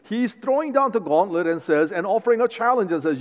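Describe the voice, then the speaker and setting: A man preaching a sermon as pastor, animated and conversational, often restarting his phrases. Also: high-pitched, brisk, few pauses. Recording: long hall reverb.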